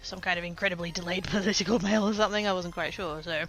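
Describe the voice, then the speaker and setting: Chatty Australian woman streamer, bright voice. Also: lowish voice, fairly even intonation, fast talker, faint music behind. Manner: chatty and rambling, laughs often, swears casually. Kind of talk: casual live-stream chat.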